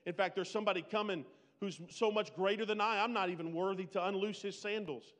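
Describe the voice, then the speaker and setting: High-voiced preacher man giving a dramatic sermon. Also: fairly quick, big-room sound. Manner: dramatic, swings between loud pleading and hushed quiet. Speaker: pastor.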